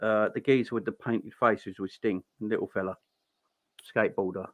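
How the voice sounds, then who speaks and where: A man's voice: on the low side, fairly even intonation, moderate pace, no echo. A man co-hosting a wrestling review show, giving incredulous opinions. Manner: opinionated, incredulous, swoops up when exasperated. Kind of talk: casual chat.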